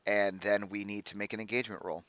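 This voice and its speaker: A man's voice: on the low side, steady tone, quick pace, a bit bright, dry recording. A man running a tabletop game as game master, explaining the rules and weighing his calls aloud.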